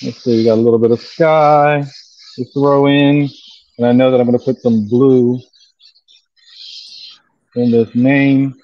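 Easygoing airbrush artist, muffled dry sound. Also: male voice, mid-range voice, fairly even intonation, no echo. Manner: slow, easygoing, lots of ums. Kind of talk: demonstrating while explaining.

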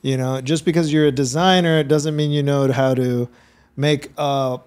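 A man's voice: mid-range voice, moderate pace, clear, resonant tone. A man in his thirties hosting a casual interview, telling stories and acting out his own reactions. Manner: animated storytelling, acts out his own reactions. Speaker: podcast host.

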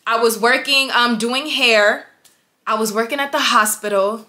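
Her voice is fairly high, bright, and forceful, with fairly even intonation and a slightly slow pace. The young vlogger and business owner gives a motivational pep talk, emphatic and repetitive, calling her audience y'all.

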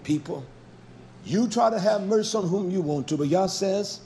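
Fiery high-voiced male preacher. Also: normal speed, gravelly, warm tone, slight background noise. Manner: confrontational, scolding, fond of rhetorical questions. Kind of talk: fiery sermon.

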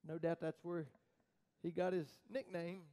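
High-voiced preacher swinging loud to hushed. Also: male voice, level tone, poor audio. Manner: halting repeated restarts. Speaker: pastor. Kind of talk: sermon.

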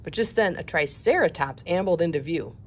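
A woman reading a children's picture book aloud in an expressive way. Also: lowish voice, fairly quick, a little hiss or hum. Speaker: storyteller.

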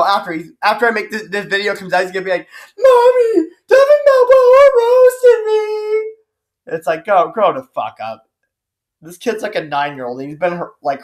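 A man's voice: fairly high pitch, a bit bright. A man, a YouTuber, ranting in a vlog, cursing and sarcastic, rambling with restarts. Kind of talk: profane angry rant vlog.

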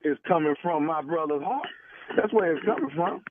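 A man's voice: fairly high pitch, expressive, moderate pace, background noise. Pushy man prank calling over a phone line. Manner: pushy, overwrought pleading. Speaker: radio prank caller.

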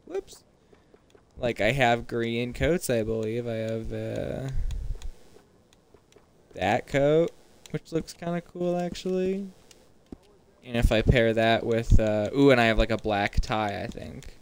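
Here a young gaming streamer talks to himself as he plays, offering loose, rambling let's-play commentary. His mid-range voice is clear and resonant, and he speaks slowly with frequent pauses.

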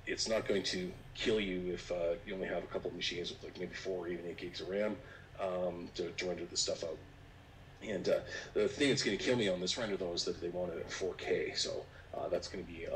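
A man presenting casually on a video call, relaxed and rambling with many fillers. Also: deep voice. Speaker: 3D artist presenter. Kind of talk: casual online meetup chat. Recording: distant mic with faint noise.

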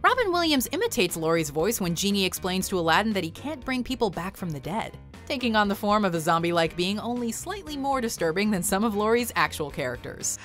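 A woman's voice: medium pitch, a little fast, faint music behind. A woman narrating a countdown video in an upbeat scripted style. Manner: upbeat, lively list presenting.

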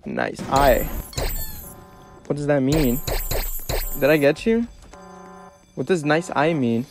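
A young man giving casual gameplay commentary, slangy and excitable, trash-talking other players as he plays. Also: a little high, slow pace, long pauses, soft background music. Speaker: gaming video creator.

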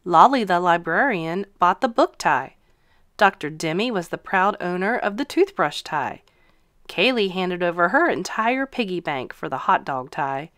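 Lively woman reading a picture book. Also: on the low side, measured pace, dry recording, clean studio sound. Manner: expressive, sing-song storytelling. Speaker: teacher. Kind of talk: children's storybook read-aloud.

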